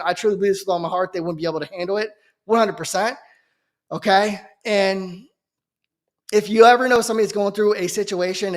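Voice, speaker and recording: A young man giving an earnest, fervent Christian testimony as a preacher, often checking in with "okay?". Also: sits high. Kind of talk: emotional personal testimony.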